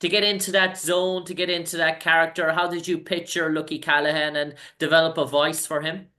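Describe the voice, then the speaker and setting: A man's voice: fairly high pitch, flat delivery, brisk, pushed and bright. An Irish man hosting an interview, asking long, rambling questions in a casual chat. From Ireland. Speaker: interview host.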